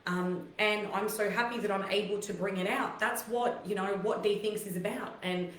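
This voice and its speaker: Woman, live-stream host, emotional and near tears, rough lowered voice, heartfelt rambling encouragement, mid pitch, roomy echo. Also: fairly even intonation, moderate pace, a bit bright, a little hiss or hum. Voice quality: voice deeper and rougher than her usual. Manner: heartfelt and encouraging, rambling with many fillers and restarts. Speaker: host of a live online talk show. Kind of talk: live-stream motivational talk to viewers. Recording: echoey room.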